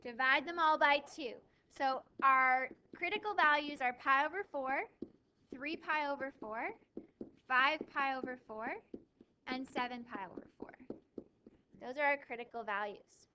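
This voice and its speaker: A woman teaching a math class, lively, asking questions and answering them herself, with a touch of dry sarcasm. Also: high-pitched, unhurried, highs cut off, slight background noise. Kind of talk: classroom lecture.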